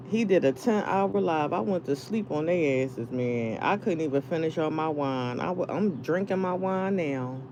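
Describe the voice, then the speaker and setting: A woman talks unhurriedly to her viewers in a mellow, relaxed voice. She rambles, swears freely and laughs between thoughts. A faint hum sits behind her. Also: on the low side. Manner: profane, laughing, rambling storytelling. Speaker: live streamer. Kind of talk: casual venting chat.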